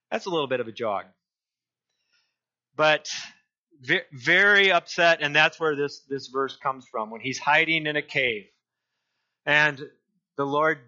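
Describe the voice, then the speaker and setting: A male pastor preaching a sermon, deliberate and often repeating and restarting his phrases. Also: medium pitch, sharp tone, lo-fi sound.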